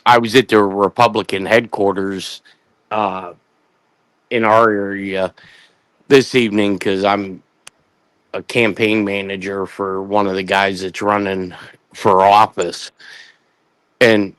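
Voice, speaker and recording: A campaign manager speaking plainly in casual livestream chat. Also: male voice, fairly low pitch, little pitch movement, slow, long pauses, fairly bright tone, smooth, dry recording.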